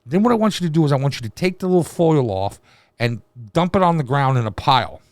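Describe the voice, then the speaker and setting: A man's voice: on the high side, animated, fast, a little mellow, dry recording, clean studio sound. A man hosting a reaction video, ranting in a crude, mocking way with constant swearing. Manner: crude, mocking, rambling rants with heavy swearing. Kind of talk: profane reaction commentary.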